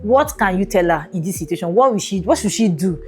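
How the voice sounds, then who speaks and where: Expressive woman podcast host. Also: medium pitch, quick pace, hardly any pauses, faint music behind. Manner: expressive, breaks into laughter between readings. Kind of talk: reading a listener's letter aloud with comments.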